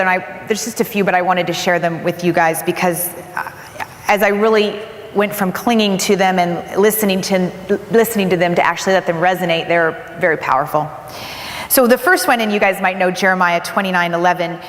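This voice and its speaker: A woman delivers a keynote speech, earnest and animated as she tells a personal story. Her voice rings out with a long, roomy reverb from a large conference hall. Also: fairly low pitch, a little fast. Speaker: keynote speaker.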